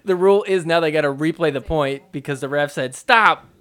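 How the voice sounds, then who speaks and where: A man with a fairly high voice runs through match highlights in a loose, chatty podcast recap. He jokes his way through the plays and mocks the referees' calls as he goes. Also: fast, clear, resonant tone. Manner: joking, mocks referees in quoted asides. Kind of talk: casual play-by-play recap.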